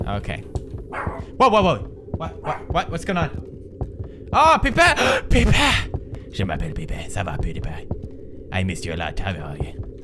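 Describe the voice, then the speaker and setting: A man's voice: mid-range voice, background noise. A man doing horror game commentary, jumpy, sarcastic and profane. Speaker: gaming video creator.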